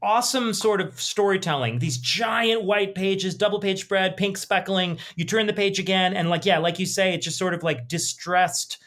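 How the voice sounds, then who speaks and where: A man's voice: sits high, moderate pace, few pauses, a bit bright. A man co-hosting a podcast, talking enthusiastically in casual chat and retelling scenes in vivid detail. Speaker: podcast co-host.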